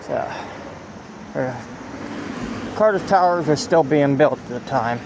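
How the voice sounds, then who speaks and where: A man with a Central Pennsylvania accent narrates a walk through town, speaking slowly in a slightly high voice. He rambles, restarts his sentences and points things out as he goes. The phone recording is outdoors, with faint street and traffic noise behind him. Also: lively intonation. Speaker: local walking-tour vlogger. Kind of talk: casual walking narration.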